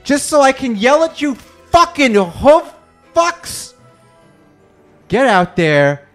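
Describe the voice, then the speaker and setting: A man's voice: extremely high pitch, very animated, slow, a bit bright, soft background music. A man doing improv comedy, delivering a crude, aggressive mock pep talk. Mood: angry. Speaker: podcast guest.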